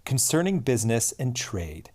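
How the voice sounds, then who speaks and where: Male podcast co-host, mid-pitched, wry and dry in casual chat. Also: sing-song, normal speed, darkish tone. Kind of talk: casual chat solving a crossword.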